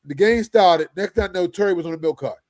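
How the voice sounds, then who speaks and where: Male panelist, animated joker, quick talker. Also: high-pitched, a little hiss or hum. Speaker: podcast panelist. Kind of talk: casual sports chat.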